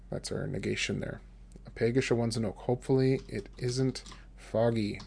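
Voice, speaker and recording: Male language teacher, mid-range voice with gravel, patient and repetitive, recorded close on a desk mic. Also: mid-range voice, dark tone. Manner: patient, repeats phrases slowly for learners. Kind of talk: podcast language lesson. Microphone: desk microphone.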